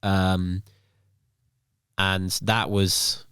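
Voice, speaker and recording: A man's voice: sits low, flat delivery, drawn-out words, pushed and bright, clear, resonant tone, dry recording, clean studio sound. A young man telling stories on a podcast as the guest, with lots of fillers like "um" and "like". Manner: rambling, filler-heavy storytelling. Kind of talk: casual podcast chat.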